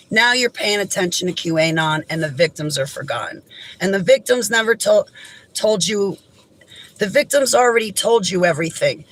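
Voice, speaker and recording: A woman vlogger delivering an impassioned, indignant monologue straight to camera, swinging between raised outbursts and low, heavy statements. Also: a bit bright, poor audio.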